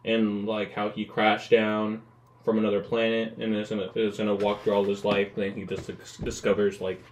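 A man's voice: lowish voice, completely flat delivery, normal speed. A young man chatting casually, rambling with lots of fillers and laughing often. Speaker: guest. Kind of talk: casual chat.

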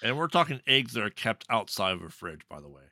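A man's voice: on the low side, very animated, fast talker, bright, forceful tone, no echo, clean studio sound. A man co-hosting a podcast, chiming in with short agreements and film trivia. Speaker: podcast co-host. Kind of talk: casual movie chat.

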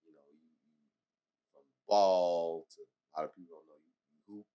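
A man's voice: low-pitched, fairly even intonation, normal speed, warm tone, clean tone. A man hosting a podcast who asks rambling, hesitant questions full of restarts. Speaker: podcast host. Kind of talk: casual interview talk.

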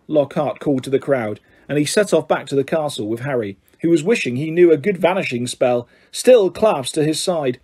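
Male audiobook reader; steady narration with slips; husky, mellow tone. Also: fairly high pitch, normal speed, few pauses. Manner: steady reading with small slips and restarts. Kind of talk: storybook narration.

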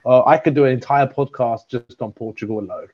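A man in his twenties, hosting and telling stories in a playful, animated way among old friends. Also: mid-range voice, fairly quick, breathy edge. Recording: dull lo-fi sound.

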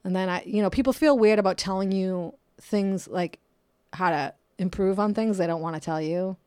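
A woman hosting her own podcast in a casual solo monologue, her voice swinging up and down with jokey asides and soft whispered moments. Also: mid-range voice, moderate pace, smooth, dry recording. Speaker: podcast host. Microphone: close podcast microphone.

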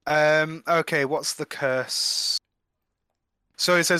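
Young male podcast co-host, bright, slightly high voice, easygoing rambling reviewer. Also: fairly even intonation, slow, pauses often, clear, resonant tone, no room sound. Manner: laid-back, rambling, swears casually. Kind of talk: casual film review chat.

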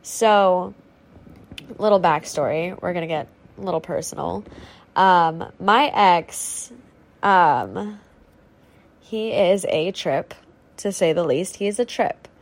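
A woman's voice: on the low side, takes it slowly, pauses often. A young woman hosting her own podcast, rambling and ranting casually with lots of fillers and swearing, on a faulty home microphone. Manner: chatty, swears freely, rambling with many fillers. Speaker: podcast host. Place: at home with a squeaky chair.

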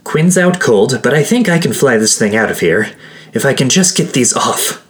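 A man voicing Fionn, a determined young woman who pilots the escape, speaking in an urgent, brisk way. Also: rumbling low, lively intonation, pitched above the performer's own voice.

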